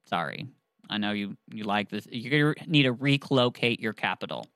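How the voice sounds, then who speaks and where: A man's voice: on the low side, expressive, moderate pace, fairly bright tone, clear, resonant tone, no room sound, voice pushed down. A man voicing an apologetic builder delivering bad news. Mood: resigned.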